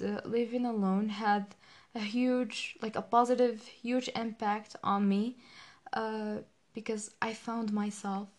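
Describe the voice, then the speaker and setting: Slow-talking young woman, emotional and halting. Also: fairly high pitch. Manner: emotional, halting, many fillers. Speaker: podcast host. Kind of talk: personal reflective monologue.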